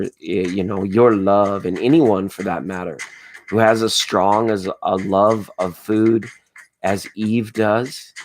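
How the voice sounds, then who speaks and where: A man with a hoarse voice hosting a laid-back late-night tarot livestream, chatting with viewers in a rambling, spiritual way. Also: lowish voice, slight background noise. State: hoarse from screaming at a football game. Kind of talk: casual late-night chat reading viewer comments.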